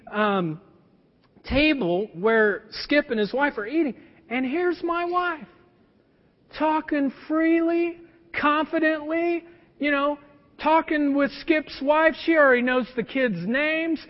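A man's voice: extremely high pitch, slow pace. A middle-aged male pastor preaching a sermon, telling a personal story in a conversational way with plenty of fillers. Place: church sanctuary. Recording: dull lo-fi sound with long church reverb.

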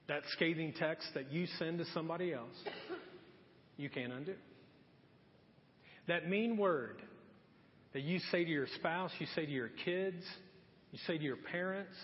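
A middle-aged man with a fairly high voice delivers a sermon from the pulpit. He tells his story with animated energy, then sinks to soft, earnest appeals. The sound is muffled and rings with the long echo of a church hall. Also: unhurried, long pauses, slight background noise. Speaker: pastor. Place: church sanctuary.

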